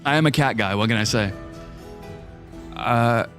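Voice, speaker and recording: Over soft background music, a young man with a medium-pitched, slightly bright voice talks at an unhurried pace while streaming a game. His commentary is chatty and rambling, full of jokes and chat messages he reads out loud.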